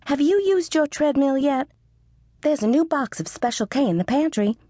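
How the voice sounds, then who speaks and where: A woman's voice: high voice, lively intonation, normal speed, warm tone, no echo, clean studio sound, pitched above the performer's own voice. A woman voicing a bossy middle-aged mother who nags her daughter in an accusing tone. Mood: nagging.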